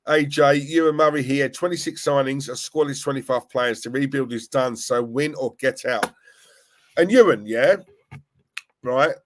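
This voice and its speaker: A young man hosting a live stream, chatting casually, reading viewer comments and reacting with animated, rambling restarts. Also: normal speed. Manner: animated, rambling, restarts and laughs, pitch jumping when worked up. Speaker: fan channel live-stream host.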